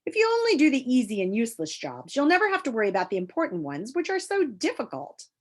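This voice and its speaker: Brief: sneering storybook demon, menacing and coaxing, lively up-and-down delivery, as a woman reads him. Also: high-pitched, fast, voice pushed up, full character voice. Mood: sly menacing. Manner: menacing, then soft and deceitful. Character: sly sneering male demon of petty tasks.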